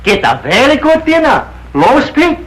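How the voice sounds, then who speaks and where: A shrill indignant ranch cook. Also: male voice, huge pitch swings, unhurried, echoey room, full character voice, rough recording. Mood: pleased. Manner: broken English, indignant, shouting. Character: fussy excitable male ranch cook, middle-aged.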